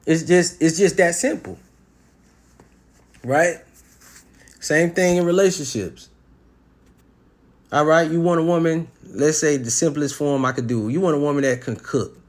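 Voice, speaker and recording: A man talks through his dating advice in a loose, blunt monologue. He is profane and streetwise and leans on sports comparisons. His pitch sits in the middle for a man. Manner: blunt and animated, with sports analogies and acted-out quotes. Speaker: podcast host giving relationship advice. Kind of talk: casual monologue.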